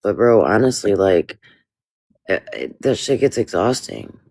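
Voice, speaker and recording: Man, live stream host, lively pitch, dry close sound, calm mediating tone. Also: a little slow, vocal fry, no echo. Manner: calm, mediating, tells speakers to hold on. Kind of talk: moderating a live stream dispute.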